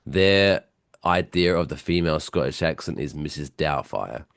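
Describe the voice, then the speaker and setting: A man co-hosting a podcast in casual, joking banter, his voice going hoarse. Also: a bass voice, lively intonation, moderate pace, no echo, studio quality. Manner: rambling, joking, chatty. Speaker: podcast co-host.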